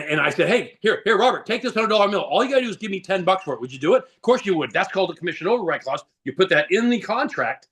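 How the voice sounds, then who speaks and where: A man with a high, quick voice pitches real estate tactics to agents on a video call. He drives his points home with punchy rhetorical questions and a confident, salesy push. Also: a bit bright. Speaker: guest speaker, real estate coach.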